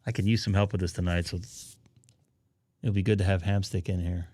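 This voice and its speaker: A man hosting a casual live stream about amateur radio, chatting to viewers while he troubleshoots his setup out loud. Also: sits low, fairly even intonation, fairly quick, no echo.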